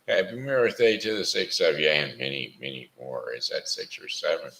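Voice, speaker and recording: Male live-stream host: deep gravelly voice, easygoing rambling chat, sounds tired. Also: big pitch swings, moderate pace, hardly any pauses, a bit bright, low-quality recording. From St. Charles, Missouri. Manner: rambling, chatty, sings a birthday song. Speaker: host of a live home broadcast. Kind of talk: casual live chat, birthday shout-outs.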